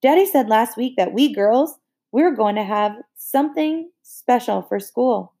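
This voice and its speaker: A woman's voice: on the high side, animated, measured pace, dark tone, breathy edge, voice pushed up, full character voice. A woman voicing a prim, bossy teenage girl who corrects others and sweet-talks.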